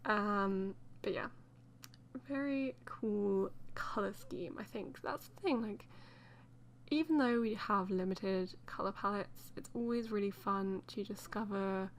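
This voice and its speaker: Woman with a gravelly, fried voice. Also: medium pitch, slow. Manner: chatty and rambling, light laughs, many fillers. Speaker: let's play host. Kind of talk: casual voice-over commentary on a game build.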